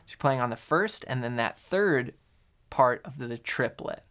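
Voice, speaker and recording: Guy teaching guitar online, counts beats out loud, some guitar music under him. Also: mid-range voice, expressive, normal speed. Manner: counting rhythms aloud while playing. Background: guitar playing.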